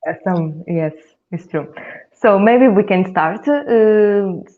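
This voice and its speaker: A woman from Italy, hosting a casual English conversation and steering the talk in a measured way. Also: mid-range voice, expressive. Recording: tinny phone-like call audio.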